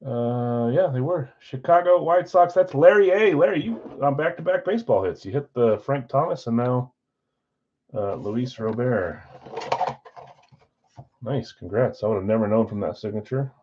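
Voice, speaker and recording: A man's voice: mid-range voice, expressive, moderate pace, darkish tone, slight background noise. A man hosting a live stream card break, chatting casually and thinking aloud as he opens packs. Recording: dull lo-fi stream audio.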